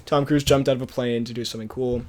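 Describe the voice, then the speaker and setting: A man's voice: medium pitch, fairly even intonation, quick pace, darkish tone. A young man co-hosting a casual podcast, reading out film news in a jokey way and laughing often. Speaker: podcast co-host. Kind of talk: casual chat.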